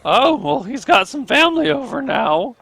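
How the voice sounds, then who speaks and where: A man's voice: very high-pitched, sing-song, moderate pace, vocal fry, sharp tone, pitched above the performer's own voice, exaggerated voice. A man voicing a cheerful adolescent male apprentice with a cracking, pubescent voice.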